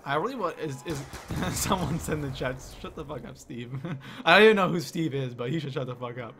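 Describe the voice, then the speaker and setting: A young man from Canada hosting a live game stream, excitedly reading the chat out loud. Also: a little high, fast talker, noisy background.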